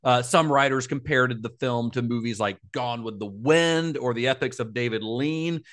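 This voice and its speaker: A man's voice: mid-range voice, moderate pace, a bit bright. A man co-hosting a podcast, retelling film history in a casual, informative way with asides. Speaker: podcast co-host.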